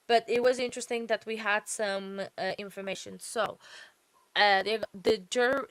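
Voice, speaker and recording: A woman's voice: mid-range voice, dry recording. Tired, rambling woman livestream host. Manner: chatty and rambling, with many fillers and self-corrections. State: tired and yawning late at night. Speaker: host of a true-crime trial-watch livestream. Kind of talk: casual live commentary.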